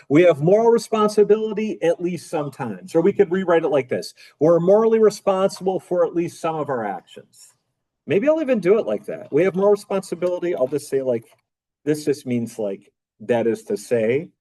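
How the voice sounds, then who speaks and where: Teaching philosophy casually, a male professor repeats key phrases and asks rhetorical questions of the class. His voice is slightly high but dark in tone, and the audio is poor.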